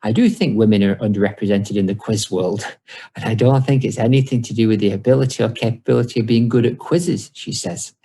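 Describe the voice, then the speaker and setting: Gravelly low-voiced male podcast host. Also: quick pace, mellow. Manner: joking mock-sponsor reads, dry banter. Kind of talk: casual podcast chat.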